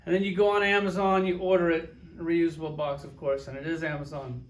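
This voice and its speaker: Talking fast in a level, slightly high voice, a toy reviewer covers collectible action figures in a casual vlog. He's sarcastic and profane, telling small stories and acting out quotes.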